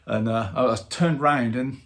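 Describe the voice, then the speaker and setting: A man in his fifties, a drummer hosting his own channel, telling a story with animated fan excitement and lots of fillers. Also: medium pitch, normal speed. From England. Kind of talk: casual storytelling to camera.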